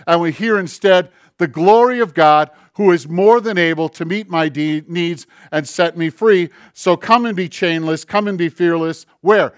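Earnest, slightly high-voiced male preacher. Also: clear, resonant tone, no echo, studio quality. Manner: conversational, earnest, slowing on key phrases; acts out dialogue and asides. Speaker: pastor. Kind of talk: sermon.

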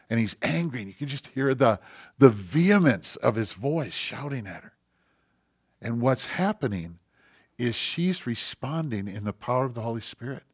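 A man preaching a sermon as pastor, passionate, swinging between loud emphasis and quiet intensity. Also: fairly low pitch, breathy edge.

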